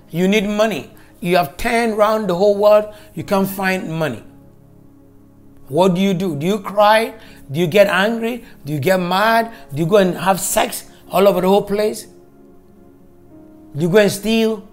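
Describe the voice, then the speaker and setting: A preacher speaks in a deliberate, unhurried rhythm, driving each point home by repeating it. The voice sits at an ordinary middle pitch. Soft music plays faintly underneath. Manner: slow, emphatic, repeats key phrases. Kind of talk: broadcast sermon and prayer.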